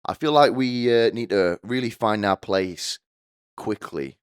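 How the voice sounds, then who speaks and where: A man's voice: fairly low pitch, measured pace, clear, resonant tone, no echo, clean studio sound. Rambling, sardonic man. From United Kingdom. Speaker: podcast host. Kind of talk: comedic monologue.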